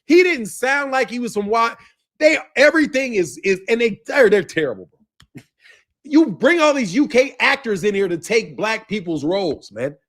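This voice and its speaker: A man rants on his commentary channel, loud and profane, laughing often between lines. His voice sits high for a man. His pitch swings wide and lively. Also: moderate pace. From United States. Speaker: boxing commentary channel host. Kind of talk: ranting commentary.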